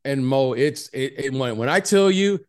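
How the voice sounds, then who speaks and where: A man co-hosting a podcast in casual chat, animated and repeating himself as he keeps turning to his co-host. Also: medium pitch, normal speed, clean tone.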